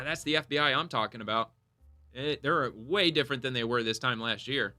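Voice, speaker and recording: A man riffs through political news for his YouTube channel in a loose, rambling way, swearing freely and reacting as he reads. His voice is very bright and forceful. Faint music plays underneath. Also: medium pitch, moderate pace. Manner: profane, rambling, animated reactions. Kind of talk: casual commentary reading posts aloud.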